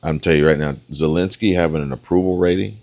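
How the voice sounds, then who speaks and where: A man with an extremely deep, low voice delivers political reaction commentary. He is emphatic and insistent, hammering the same points again and again and calling his viewers folks and guys. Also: quick pace, a little mellow.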